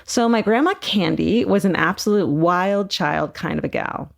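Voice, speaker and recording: Laughing podcast co-host woman, lowish voice. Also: moderate pace, vocal fry. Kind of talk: casual podcast chat, reading a listener email.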